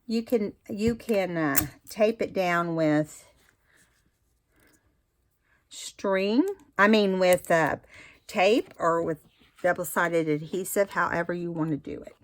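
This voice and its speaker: A woman's voice: fairly low pitch, slow, pauses often. A woman giving a casual craft tutorial, chatty and explaining each step with fillers and restarts. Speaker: craft instructor.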